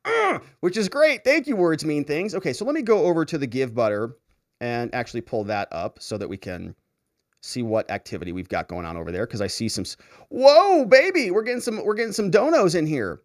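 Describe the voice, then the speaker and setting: A man's voice: mid-range voice, brisk. A man hosting a livestream, casually reading viewer comments aloud and reacting with frequent laughter. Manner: animated, laughs often, reads comments aloud. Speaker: show host reading live chat.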